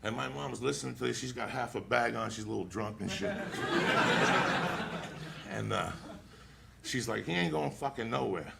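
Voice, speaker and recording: A male stand-up comedian telling a story in a loud, profane way, often shouting. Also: on the low side, steady tone, normal speed, vocal fry, long pauses. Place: comedy club stage. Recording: roomy club recording with crowd laughter. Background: audience laughter and room noise.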